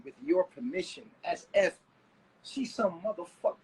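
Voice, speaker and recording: A man ranting on a live stream, agitated and profane, now and then breaking into shouts. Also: sits high, animated, measured pace, breathy edge, low-quality recording. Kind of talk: heated live stream rant.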